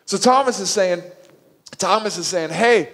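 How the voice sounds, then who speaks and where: A man preaching a sermon as pastor, animated and acting out the quoted voices with rising intensity. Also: mid-range voice, moderate pace, big-room sound. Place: church sanctuary.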